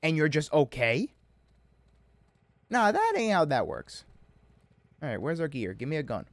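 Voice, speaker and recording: A young man hosting a gaming channel, joking and excitable as he plays. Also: a little high, unhurried, no echo. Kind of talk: let's play commentary.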